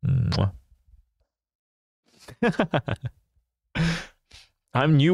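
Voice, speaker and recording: Slow, lively playful male streamer. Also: medium pitch, dry recording, studio quality. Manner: playful, teasing, laughs often. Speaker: livestreamer. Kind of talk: casual chat with viewers.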